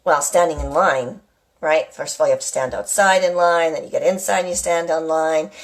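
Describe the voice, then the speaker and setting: A woman's voice: low-pitched, fairly quick. A middle-aged woman at home, hosting a casual live chat to her viewers. She rambles and keeps asking "right?". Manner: chatty, rambling, often asks "right?". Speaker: live-stream host. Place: at home with a kitchen nearby.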